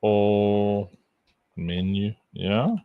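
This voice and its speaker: A man's voice: fairly low pitch, level tone, extremely slow, phone-quality sound. A man chatting casually on a live stream, rambling and joking to himself while he works, with frequent chuckles. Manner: rambling and jokey, talking to himself while clicking around; chuckles often between remarks. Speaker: livestreamer.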